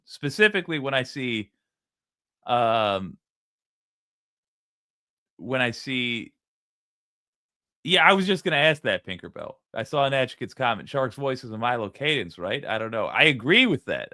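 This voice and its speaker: A man's voice: mid-range voice, pushed and bright, no echo, clean studio sound. A man hosting a live stream, chatting casually, musing aloud and reading out viewer comments. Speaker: streamer host.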